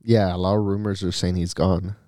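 A man's voice: low voice, level tone, a little fast, warm tone, dry recording, studio quality. A man co-hosting a soccer podcast, laid-back and casual, saying "bro" a lot and mixing in Spanish. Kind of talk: casual sports chat.

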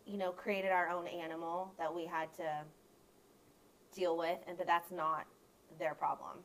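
A woman's voice: on the low side, level tone, a little slow, poor audio. A woman in her thirties, a photographer guest on a podcast, openly telling stories about her kids in casual chat. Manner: open, warm storytelling about her kids.

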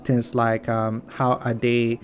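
A podcast host conducts a faith-centered conversational interview, his medium-pitched voice completely flat and slow, with faint music behind. He talks reflectively, often saying "like" as he thinks aloud.

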